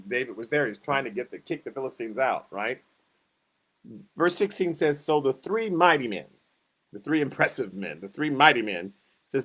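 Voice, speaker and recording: A man teaching a Sunday school Bible lesson in a conversational way, acting out the quotes he tells with rising emphasis. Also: medium pitch.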